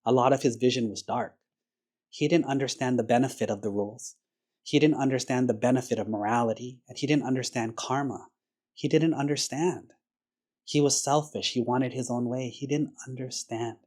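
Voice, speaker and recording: A monk gives a sermon in a relaxed, conversational manner, full of casual fillers and little stories. His voice is mellow and warm, sitting at an ordinary male pitch. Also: normal speed. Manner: conversational, uses casual fillers like "like" and "you know"; storytelling, acts out quoted characters. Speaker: Buddhist monk teacher.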